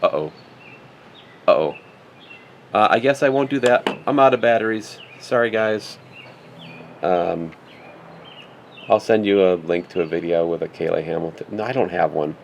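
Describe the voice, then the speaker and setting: A man's voice: low voice, normal speed, vocal fry, long pauses, a little hiss or hum. A man teaching a recorded math lecture, working through a problem aloud as he writes, with joking asides and muttered self-corrections. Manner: thinks aloud while writing, joking asides. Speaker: math instructor.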